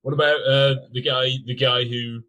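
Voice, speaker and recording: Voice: medium pitch, fairly even intonation, moderate pace, a bit bright, muffled recording. A podcast host asking a guest questions in a casual, curious way.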